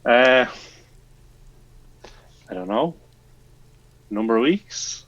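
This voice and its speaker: A man's voice: medium pitch, animated, drawn-out words, fairly bright tone, no room sound, muffled recording. A man playing a tabletop game, thinking aloud hesitantly with many fillers. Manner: thoughtful, hesitant, lots of fillers. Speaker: player.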